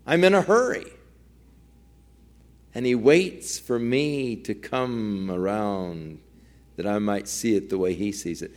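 A man's voice: fairly low pitch, slow, long pauses, a little mellow. A male pastor preaching a sermon, telling a story earnestly and acting out its quoted dialogue.

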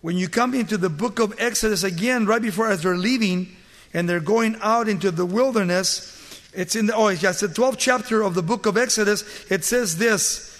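Male preacher, storytelling sermon, high voice, long hall reverb. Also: normal speed, a bit bright. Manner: storytelling, asks rhetorical questions.

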